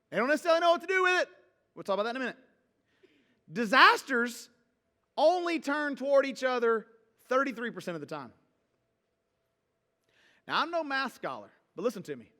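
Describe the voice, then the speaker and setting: A man's voice: very high-pitched, bright, forceful tone, long reverb tail. A man preaching a sermon as pastor, talking casually and joking with the congregation. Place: church hall.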